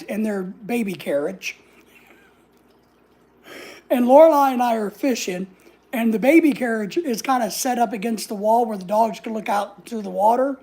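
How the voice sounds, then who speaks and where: Sassy, gravelly woman. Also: on the high side, dark tone. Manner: sassy, blunt, swears freely, acts out other people's lines. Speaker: vlogger. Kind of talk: casual storytelling.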